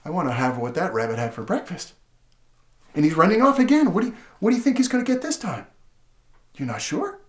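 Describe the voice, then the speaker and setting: A man demonstrating how to read a picture book aloud to a child, playful and animated, asking many questions and gasping and laughing in surprise. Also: sits high, fairly quick, long pauses. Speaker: literacy educator. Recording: roomy echo.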